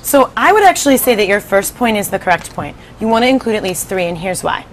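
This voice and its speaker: A woman teaching fifth graders in a classroom, giving clear directions and prompting students for answers. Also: medium pitch, big pitch swings, quick pace, a little hiss or hum, low-quality recording. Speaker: 5th grade writing teacher. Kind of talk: classroom teaching and read-aloud.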